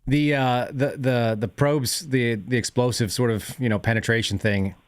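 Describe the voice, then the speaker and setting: A man's voice: medium pitch, steady tone, moderate pace, dry recording, clean studio sound. A man hosting a call-in show, chatting casually and telling rambling stories, laughing as he goes. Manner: rambling storyteller, laughs through his stories.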